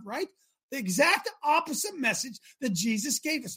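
A middle-aged man hosting a talk show in a fervent, preacherly way. He keeps turning to his audience with questions and often bursts into shouting. His voice is high, bright and husky. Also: expressive, moderate pace. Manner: direct address to audience, rhetorical questions. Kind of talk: preachy live-show monologue.

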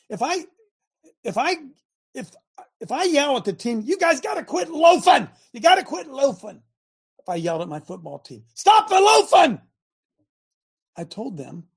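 Husky, animated male show host. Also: sits high. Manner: animated, shouting bursts, laughs, repeats himself. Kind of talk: exhorting talk to a live audience.

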